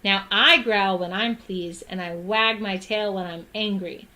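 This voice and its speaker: Grinning Cheshire Cat, teasing and riddling, bright tone, read by a woman. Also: medium pitch, a little slow.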